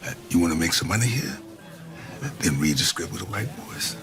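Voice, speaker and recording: An actor playing a streetwise older call-center coworker who gives coaxing advice, heard as a film clip with music behind. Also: male voice, low voice, lively intonation, fairly quick.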